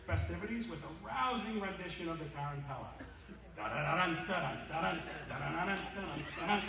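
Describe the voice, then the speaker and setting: A man giving a comic roast speech in a large banquet hall, telling stories in a lively way and acting out the characters. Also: high-pitched. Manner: lively storyteller, acts out the characters. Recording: echoey hall, distant mic.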